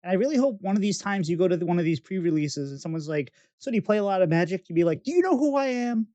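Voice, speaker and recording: A man's voice: high voice, racing, dark tone, no echo, dull audio. A man hosting a podcast, asking questions in a hesitant way and often restarting them. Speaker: podcast host. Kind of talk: casual interview chat.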